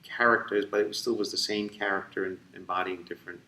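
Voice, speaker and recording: Tired middle-aged New man, low voice. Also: quick pace. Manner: rambling, animated, many fillers and restarts. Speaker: ventriloquist interviewee. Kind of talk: casual storytelling interview. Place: convention room. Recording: echoey room, voice from far off.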